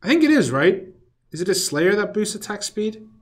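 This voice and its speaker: A man's voice: sits high, very animated, moderate pace. A young man live-streaming a game, rambling casually, swearing freely and muttering or humming to himself as he plays. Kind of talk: casual live-stream chat while playing.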